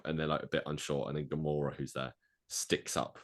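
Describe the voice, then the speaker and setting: A man co-hosting a podcast, rambling through a movie plot pitch with lots of fillers and acted-out quotes. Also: flat delivery, a little fast. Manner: rambling, filler-heavy, acts out quoted lines. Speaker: podcast co-host.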